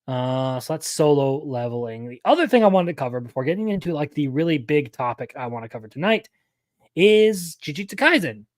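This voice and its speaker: A man's voice: on the high side, expressive, brisk, no echo. A young man hosting a live anime news stream, talking casually and rambling, often correcting himself mid-sentence.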